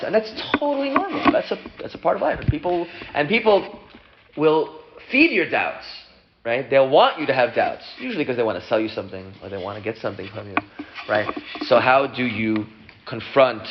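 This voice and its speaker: A man, a rabbi, casually teaching a class and acting out the people in his story. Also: slight background noise. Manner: animated, acts out characters with big pitch jumps. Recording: dull lo-fi room recording.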